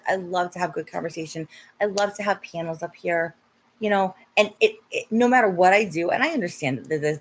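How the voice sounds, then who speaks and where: A woman hosts a casual livestream and talks straight to her viewers. Her voice sits a little low in pitch, and she gets animated, swearing freely and mimicking her critics in mocking tones. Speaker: livestream host.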